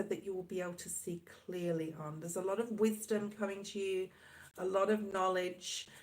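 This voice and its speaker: A woman's voice: medium pitch, low-quality recording. A woman giving a casual tarot reading to camera, rambling and reassuring, checking in often with the viewer. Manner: rambling, reassuring, filler-heavy with frequent "okay?". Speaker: tarot reader.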